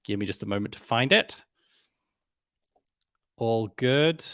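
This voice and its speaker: A male host introduces speakers in a friendly, upbeat way and pokes fun at himself. His voice is mid-pitched and sounds dry and close. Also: animated, measured pace, fairly bright tone, dry recording. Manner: friendly, upbeat, self-deprecating jokes. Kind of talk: casual live-stream hosting.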